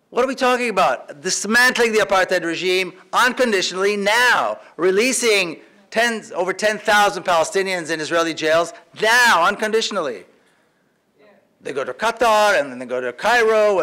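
High, bright-voiced man giving a fiery speech. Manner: emphatic, repeats phrases for rhetorical force. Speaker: activist speaker. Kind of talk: impassioned public speech. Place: large university lecture hall.

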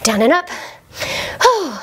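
Breathless high-voiced woman coaching a workout. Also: very animated, takes it slowly, fairly bright tone, slight background noise. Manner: encouraging, breathless cues between exercises. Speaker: fitness instructor. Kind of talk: workout coaching while exercising.

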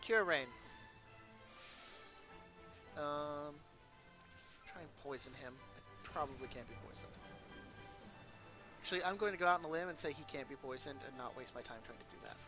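A man's voice: a little high, a little fast, long pauses, over music. A man hosting a let's play, giving casual gameplay commentary and thinking aloud with chatty asides.

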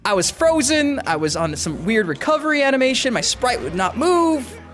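A man giving let's-play commentary on a fighting game, excitable, swearing, shouting and laughing at the action. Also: extremely high pitch, moderate pace. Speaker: gamer.

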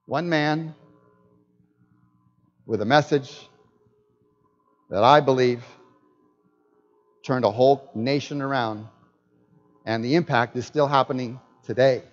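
A man's voice: mid-range voice, slow pace, long pauses. A man preaching a sermon as a guest pastor. He jokes and puts questions to his listeners. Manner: animated, joking preacher who asks the audience questions. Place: church hall. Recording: dull lo-fi with long hall reverb.

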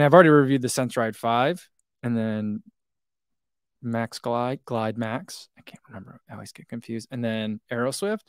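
A man's voice: mid-range voice, clean tone, no room sound, clean studio sound. A man, hosting a running channel and chatting casually through live comments with lots of fillers and self-deprecating asides.

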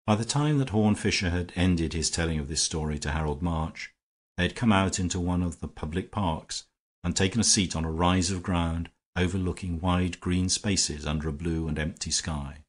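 A man reading an audiobook aloud in a measured, even storytelling manner. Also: deep voice. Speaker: audiobook narrator. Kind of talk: scripted narration.

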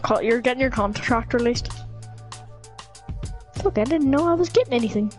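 A young woman heckles her friend's football game, teasing and bossy. Her voice sits high. A little music plays faintly behind her. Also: lively intonation, moderate pace. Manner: teasing, laughing backseat commentary. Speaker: friend watching the stream. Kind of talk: casual gaming chat.

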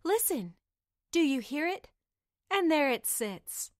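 Woman doing young serving girl, high and bright, polite, eager, slow storybook delivery. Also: sing-song, no echo, studio quality, full character voice. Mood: cheerful. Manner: bright, eager, gently correcting.

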